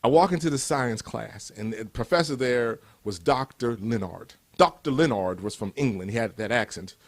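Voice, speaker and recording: A man's voice: mid-range voice, lively intonation, moderate pace. A man in his fifties from Cleveland, giving a motivational speech with emphatic, repeated rhetorical build-ups. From Cleveland, USA. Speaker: motivational speaker.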